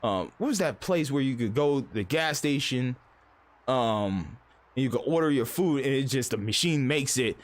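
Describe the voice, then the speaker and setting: A man's voice: medium pitch, animated, normal speed. A man live-streaming, ranting casually and profanely in a rambling, storytelling way.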